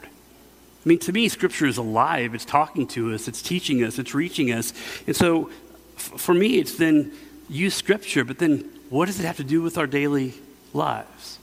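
Middle-aged pastor in a reverberant hall. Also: male voice, fairly high pitch. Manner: casual storytelling with many fillers and restarts. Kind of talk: conversational sermon.

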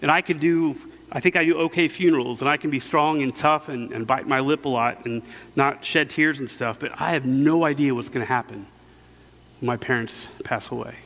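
Speaking fairly quickly, a middle-aged pastor preaches in a relaxed, storytelling manner, his medium, somewhat bright voice full of filler words and restarts, echoing with long hall reverb.

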